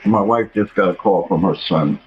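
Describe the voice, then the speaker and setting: A middle-aged man with a very deep voice recounts events plainly and matter-of-factly. The interview audio sounds dull, with faint noise behind him. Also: normal speed. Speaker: interviewee, stepfather.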